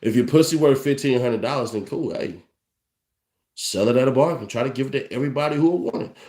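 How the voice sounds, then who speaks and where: Talking quickly in a medium-pitched, slightly mellow voice, a young adult commentary host rants profanely to camera, mocking and laughing frequently. Echo fills the room.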